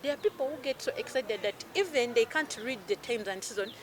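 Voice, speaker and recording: Animated Ugandan woman coach. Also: fairly high pitch, fairly quick. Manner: animated, mixes English with Luganda phrases. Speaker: emotional healing coach, guest. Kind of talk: casual chat.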